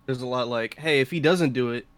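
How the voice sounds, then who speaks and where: A man on a podcast panel, speaking in a measured, hedging way. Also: mid-range voice. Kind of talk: casual podcast chat.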